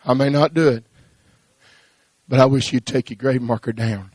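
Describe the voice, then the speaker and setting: A man preaching a sermon, swinging from hushed pleading to rising, shouted cadences. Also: medium pitch, steady tone, normal speed, no room sound.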